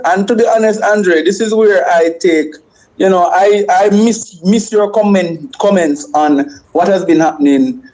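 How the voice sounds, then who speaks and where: A man's voice: sits high, warm tone, poor audio. A man calling into a radio show, complaining emphatically. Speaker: caller.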